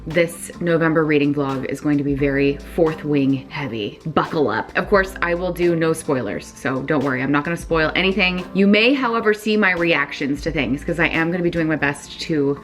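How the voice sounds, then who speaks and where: A woman book vlogger chatting casually, excited and gushing, with lots of "like" fillers. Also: low voice, normal speed, few pauses, soft background music. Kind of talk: casual reading vlog chat.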